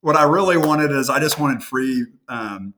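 A male podcast host from the American Midwest spins a casual anecdote, restarting his sentences and rambling with animated asides. His voice sits in a plain middle pitch. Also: normal speed. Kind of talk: casual conversational storytelling.

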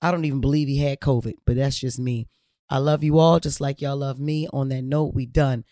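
A man's voice: mid-range voice, fairly even intonation, fairly quick, mellow, dry recording, studio quality. Blunt, profane podcast host, a man. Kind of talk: casual podcast monologue.

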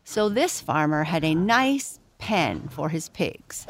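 A woman from Canada reads a children's story aloud at a slow, careful pace. Her voice sits a little low. She adds gentle asides that explain things to young listeners. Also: very animated, slight background noise.

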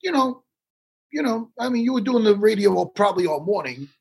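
A man with a very raspy, husky voice co-hosts a casual podcast. He rambles and teases his co-host, swinging his pitch widely and swearing freely. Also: animated, brisk, darkish tone. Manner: rambling, profane, teasing.

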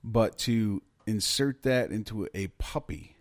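Speaking slowly in a fairly low voice, this podcast co-host talks casually about the news with frequent laughs and swearing. The recording is studio quality with no echo.

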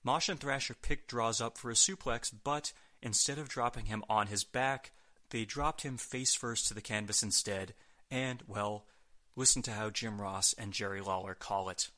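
A man's voice: on the low side, moderate pace, bright, forceful tone. A man hosting a podcast, reading a scripted recap with wry, sarcastic asides. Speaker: podcast host. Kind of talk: scripted wrestling recap narration.

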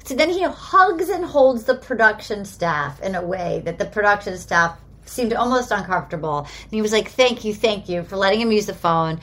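A woman co-hosting a podcast, chatting casually and retelling scenes with lively quoting. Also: mid-range voice, normal speed, hardly any pauses. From Australia. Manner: animated storyteller, quotes people in a lively way. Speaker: podcast co-host. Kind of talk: casual chat recapping a reality show.

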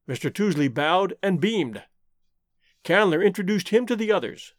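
A man narrating a classic adventure novel in an expressive, theatrical reading. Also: sits high, normal speed, no echo, studio quality. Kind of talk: audiobook narration.

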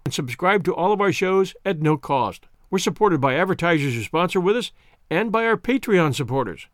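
A man's voice: a little high, no echo, studio quality. A man hosting a podcast, giving a scripted sign-off with thanks to listeners in an upbeat announcer manner. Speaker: podcast host.

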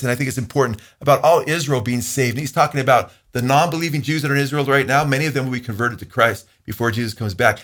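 A man's voice: medium pitch, a bit bright. A man teaching the Bible in a conversational way, earnest and emphatic, quoting scripture at length with some restarts.

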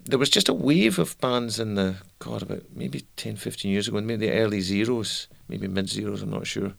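A musician in an interview, talking candidly, with frequent restarts and the odd swear word. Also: male voice, lowish voice, normal speed, gravelly, fairly bright tone, no room sound. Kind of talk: reflective interview talk.

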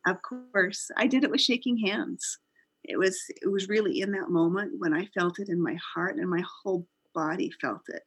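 A woman's voice: mid-range voice, moderate pace, husky. A middle-aged woman, a company founder, earnestly telling the story of how her business began in an interview.

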